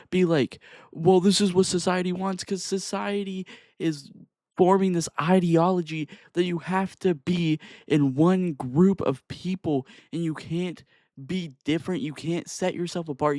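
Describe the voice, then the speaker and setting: A man's voice: on the high side, a little mellow, no room sound. Young man, profane exasperated rant, dry close mic. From Texas. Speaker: vlogger. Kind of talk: angry rant to camera.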